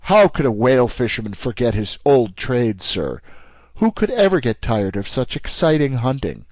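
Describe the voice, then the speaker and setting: A man voicing a brash, excitable Canadian harpooner in an audiobook, loud and boisterous. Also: medium pitch, moderate pace, no echo. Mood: boastful.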